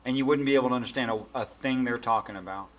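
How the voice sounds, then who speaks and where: A man taking part in a relaxed debate chat. He speaks plainly and matter-of-factly, stepping in to correct details and push back on claims. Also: medium pitch, rapid-fire. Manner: matter-of-fact, corrects and challenges. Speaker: debate partner.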